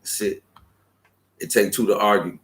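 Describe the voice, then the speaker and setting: In a roomy, echoing space, a man hosting a show gives a profane, street-smart spiritual talk in a casual monologue, performing the quoted voices. His fairly low voice stays steady at a moderate pace.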